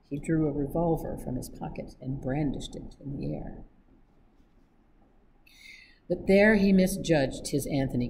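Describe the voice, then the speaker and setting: Low-voiced woman reading a novel. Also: noisy background. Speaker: staff reader.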